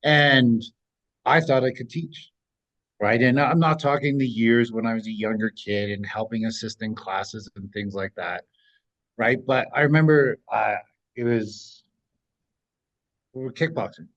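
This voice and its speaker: A man around forty talks casually as a podcast host. He tells personal stories at a mid pitch and often checks in with "right?". The recording sounds a little dull and lo-fi. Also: unhurried, pauses often, fairly bright tone. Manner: storytelling, often tags phrases with "right?". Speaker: host, self-defense coach.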